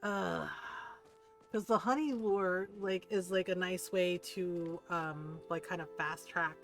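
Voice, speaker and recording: A woman's voice: on the low side, slow, faint music behind. A woman livestreaming a game, chatting casually and telling a story full of "like" and casual swearing, acting out her friends' lines. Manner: acts out friends' lines in excited voices. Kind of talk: casual chat while gaming.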